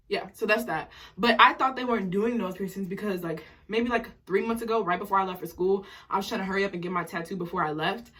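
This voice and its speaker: A young woman of nineteen talks fast and rambles, jittery from coffee. Her voice is bright with a husky edge. She records casually on a phone while getting ready at home. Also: mid-range voice. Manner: excited, rambling, fast-talking. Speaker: vlogger. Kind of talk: casual vlog chat.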